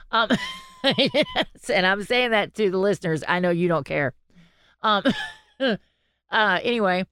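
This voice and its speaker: Chatty low-voiced woman. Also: clear, resonant tone, dry recording, clean studio sound. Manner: chatty storyteller, animated quoting. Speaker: podcast co-host. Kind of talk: casual chat.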